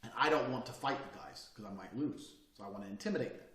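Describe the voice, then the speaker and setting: A man talking bluntly and profanely in a casual monologue, swinging between loud bursts and quiet, calm lines. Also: medium pitch, fast talker, reverberant, recorded from a distance.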